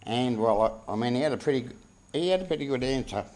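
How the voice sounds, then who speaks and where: A man giving a halting, heartfelt eulogy for his brother at a funeral, close to tears. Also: mid-range voice, animated, a little mellow, low-quality recording. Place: funeral service.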